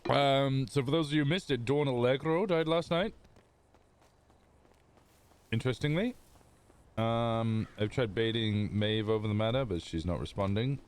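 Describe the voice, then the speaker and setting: A man's voice: medium pitch, moderate pace, pauses often, clear, resonant tone. A man livestreaming a roleplay game, chatting casually with his viewers in a rambling, self-interrupting way. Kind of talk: casual chat with stream viewers.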